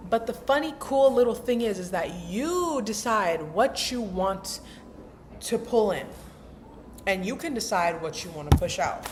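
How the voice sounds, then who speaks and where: A mid-range voice with lively intonation and a slightly slow pace belongs to a young self-help vlogger, heard over slight background noise. Chatty and emphatic, she talks casually about mindset using lots of slang and acts out inner voices.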